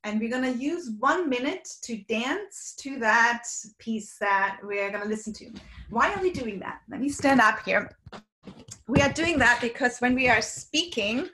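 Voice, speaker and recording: A woman from Sweden and Germany, a communication coach, talking quickly and at length in an online workshop and playing with her voice. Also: a little high, lively intonation, bright, forceful tone, reverberant, slight background noise. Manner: fast and talkative, playfully demonstrates vocal variety. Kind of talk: energetic online workshop talk. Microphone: video call.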